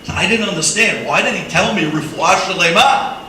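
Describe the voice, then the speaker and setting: A man's voice: high-pitched, animated, moderate pace, sharp tone, full character voice. A man voicing a kind young rabbi who speaks earnestly, recorded from far off in an echoey hall with background noise. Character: young kind male rabbi, apologetic and warm.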